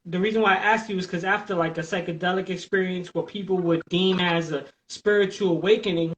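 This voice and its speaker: A man's voice: high-pitched, brisk, slight background noise, low-quality recording. Blunt, profane man hosting a podcast. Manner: blunt, profane and animated, drawing listeners in with questions. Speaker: podcast host. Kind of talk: casual live podcast chat.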